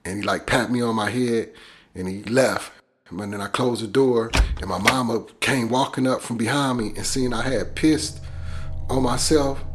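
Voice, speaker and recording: A man's voice: mid-range voice, moderate pace. A man recounting a traumatic childhood memory in casual, profane storytelling. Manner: profane, conversational, vivid. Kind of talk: personal storytelling.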